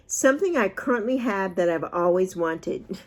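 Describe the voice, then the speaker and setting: A woman's voice: mid-range voice, expressive, moderate pace. Emotional, rambling woman in her sixties. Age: 60s. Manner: emotional, rambling, laughs at herself. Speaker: vlogger. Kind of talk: unscripted talk to camera.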